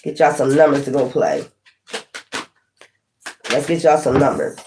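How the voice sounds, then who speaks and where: A woman from North Philadelphia with a Philly accent, chatting bluntly and roughly on a tarot livestream, swearing freely. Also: very deep voice, steady tone, a little slow, dark tone, slight background noise. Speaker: tarot reader. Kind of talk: casual livestream chat.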